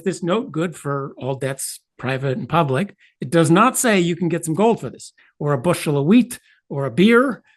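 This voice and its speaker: An older man explains ideas as an interview guest. His pitch swoops widely as he stresses points. He drops in wry, offhand asides. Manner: animated, emphatic, wry asides. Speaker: economist guest.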